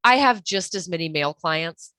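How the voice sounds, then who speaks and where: A woman's voice: fairly low pitch, animated, normal speed, pushed and bright, clean tone, dry recording. A woman speaking as a guest expert in a podcast interview, giving earnest, direct advice with frequent restarts. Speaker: guest expert on toxic relationships.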